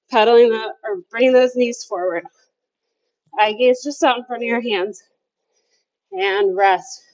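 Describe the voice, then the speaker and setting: A fairly high-voiced woman leads a workout from her basement, upbeat and a little out of breath. She counts down each set and chats between moves. The sound is dull and lo-fi. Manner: upbeat coaching with counting cues and chatty asides. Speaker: fitness instructor. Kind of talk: workout class instruction. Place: home basement.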